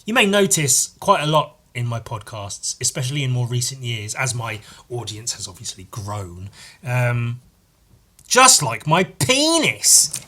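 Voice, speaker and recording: A man's voice: a bit bright, slight background noise. Rambling sarcastic British man. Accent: British English. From Britain. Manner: rambling, sarcastic, swearing, jumps in pitch for silly voices. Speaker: podcast host. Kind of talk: casual solo podcast chat.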